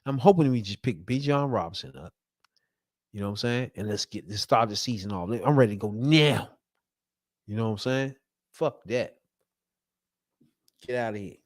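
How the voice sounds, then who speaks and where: A man delivering a loud, profane, emphatic sports fan rant. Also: fairly low pitch, lively intonation, normal speed, long pauses, no echo, studio quality.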